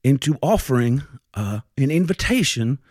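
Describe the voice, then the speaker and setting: A man's voice: medium pitch, big pitch swings, moderate pace, darkish tone, dry recording, clean studio sound. A man voicing a blustering, vain, foul-mouthed male federal judge, pompous and drawling, swinging from bellowing to mutters. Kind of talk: comic character monologue.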